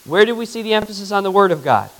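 A man, a pastor, giving an interactive Bible teaching in a conversational way, asking the congregation questions and reading Scripture aloud slowly. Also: high voice, lively intonation, fairly bright tone, low-quality recording.

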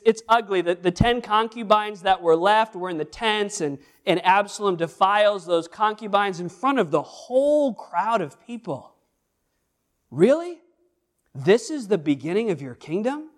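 A man preaching a sermon, animated and emphatic, repeating phrases and restarting words as he goes. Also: sits high. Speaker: pastor.

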